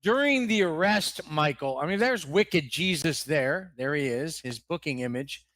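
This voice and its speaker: A man's voice: a little high, lively intonation, moderate pace, a bit bright, dry recording. A man co-hosting a comedic talk show, trading crude jokes and mock-interview questions. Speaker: co-host.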